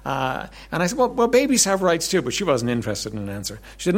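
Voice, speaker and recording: A man preaching a sermon as pastor, conversational, repeating words and clearing his throat often, swinging between emphatic lines and soft asides. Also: medium pitch, big pitch swings, normal speed.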